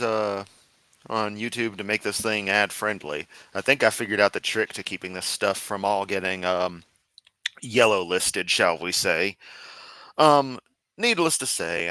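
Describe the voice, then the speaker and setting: Deep-voiced sarcastic streamer man. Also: sharp tone, clean tone, no room sound, rough recording. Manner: sarcastic, dismissive, with frequent uh and um. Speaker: streamer host. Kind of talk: casual commentary.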